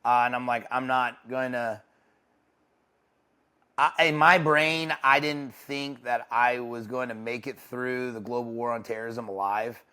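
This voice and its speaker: A young adult man, an interview guest, speaking candidly and haltingly, with many restarts. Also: mid-range voice, steady tone, pushed and bright, smooth. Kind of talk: casual interview talk. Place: ranch home.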